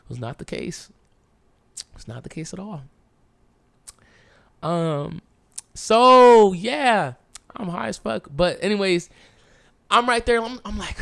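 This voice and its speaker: Animated young man telling a story. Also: high-pitched, unhurried, creaky, long pauses. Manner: animated, swearing, slangy, acts out past dialogue. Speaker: podcast host. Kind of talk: casual storytelling.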